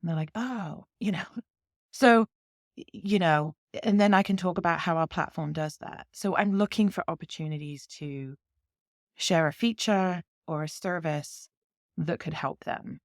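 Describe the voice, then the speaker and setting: A woman's voice: low voice, normal speed, no echo. British lady ceo on a podcast, walks through examples, very dry close mic. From Britain. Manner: explains in long examples, acting out client dialogue, laughs easily. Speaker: CEO guest. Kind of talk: conversational interview.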